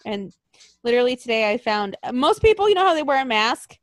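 A woman in casual chat, telling rambling, animated stories full of swearing. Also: a little high, a little fast, no echo. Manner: profane, rambling and animated storytelling.

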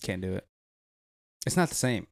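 A man's voice: deep voice, very animated, moderate pace, creaky, no room sound, clean studio sound. A young man co-hosting a podcast in casual, profane, jokey chat. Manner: laid-back, profane, jokey. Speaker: podcast co-host.

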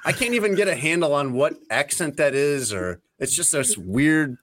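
A man's voice: on the high side, lively intonation, normal speed, a bit bright. A man co-hosting a podcast, chatting casually and agreeing easily with the others. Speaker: podcast co-host. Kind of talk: casual chat.

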